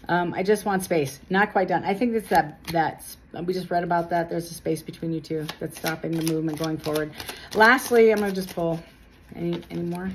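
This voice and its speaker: A woman's voice: lowish voice, brisk, slight background noise. A woman giving a casual tarot reading to camera, earnest and chatty, with a self-deprecating touch. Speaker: tarot reader.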